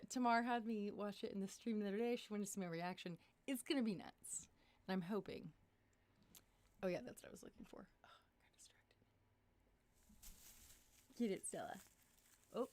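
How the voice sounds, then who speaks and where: A young woman hosting a casual livestream from her small room at home, chatty and excitable, jumping between topics while tired and losing her voice. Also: mid-range voice. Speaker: livestream host.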